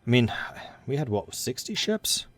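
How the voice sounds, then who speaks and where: A man's voice: medium pitch, sing-song, unhurried. A man giving casual commentary on a strategy game, thinking aloud and correcting himself as he goes. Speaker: game streamer.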